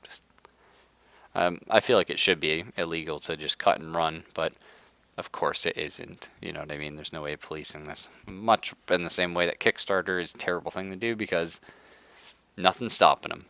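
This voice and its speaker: A young man live-streaming a strategy game, hoarse from being sick, ranting in casual chat and laughing often. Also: low-pitched, fairly even intonation, moderate pace, bright, forceful tone, no echo. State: hoarse from illness. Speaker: livestreamer.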